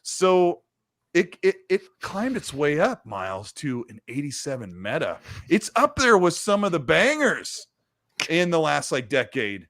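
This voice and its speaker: A man hosting a gaming stream in a loose, chatty way, his voice sitting a touch high for a man. The sound is dry and close on a desk mic, with no room around it. He reads viewer messages aloud between his own remarks. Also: sing-song, a little slow, a bit bright, no echo. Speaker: host. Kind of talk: casual livestream chat.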